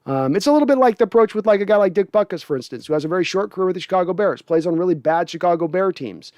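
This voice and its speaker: A man's voice: high-pitched, lively intonation, rapid-fire, a little mellow, dry recording, studio quality. A man hosting a casual sports livestream, reading viewer comments aloud and answering them conversationally. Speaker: sports podcast host.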